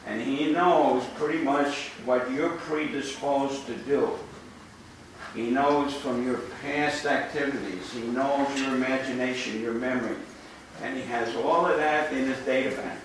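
A man's voice: medium pitch, measured pace. Older man, New York accent, priest talking to youth, earnest and jokey, echoey hall, distant mic, background noise. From New York City. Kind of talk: informal talk to a youth group.

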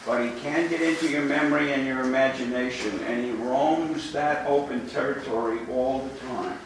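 A man's voice: mid-range voice, normal speed. An older man from New York City with a New York accent, a priest giving an earnest, informal talk to young people and repeating words as he goes. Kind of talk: informal talk to a youth group. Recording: echoey room from far off with background noise.

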